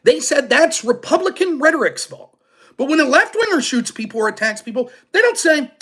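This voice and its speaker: A man's voice: very high-pitched, a little fast. A man hosting a casual political commentary stream, sarcastic and mocking, chatting with his live chat as he talks. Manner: animated and sarcastic, mocking opponents; chats with live chat readers.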